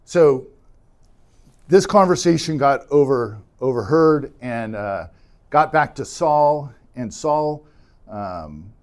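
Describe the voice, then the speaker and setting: Animated man teaching a Bible class. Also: medium pitch, takes it slowly. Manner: animated storytelling, acting out characters' lines with fillers. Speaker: adult formation class teacher. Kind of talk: casual Bible class teaching, retelling stories. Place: church classroom.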